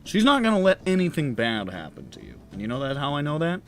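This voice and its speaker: A man voicing a suave, handsome male goblin artificer who talks in a smooth, easygoing, confident way. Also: on the high side, wildly swooping pitch, quick pace, faint music behind, voice pushed up. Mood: reassuring.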